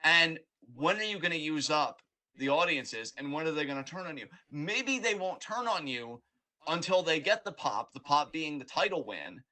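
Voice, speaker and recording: A man's voice: on the high side, big pitch swings, moderate pace, pushed and bright. A man co-hosting a podcast, ranting in casual, profane, rambling chat. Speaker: podcast co-host.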